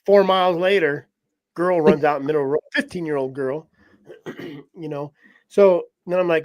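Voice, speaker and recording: Animated storytelling man, slightly high voice. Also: moderate pace. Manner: animated, laughs often, acts out voices in quotes. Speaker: podcast host telling a story. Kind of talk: casual storytelling.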